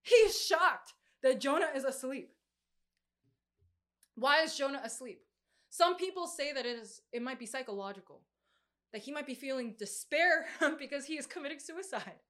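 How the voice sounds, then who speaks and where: A woman preaching a casual, animated sermon, slangy and quick to laugh. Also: high-pitched.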